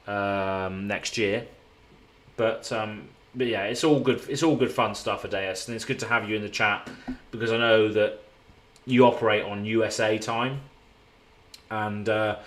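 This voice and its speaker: An English man chatting casually on a live stream from a hotel room, rambling and laid-back, with the odd swear word. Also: fairly low pitch.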